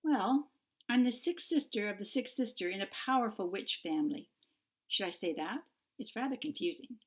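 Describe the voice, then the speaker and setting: A woman's voice: mid-range voice, expressive, moderate pace, voice pushed up, lightly acted. Woman voicing an eager young witch. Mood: earnest. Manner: insistent, pleading. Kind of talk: audiobook character voice.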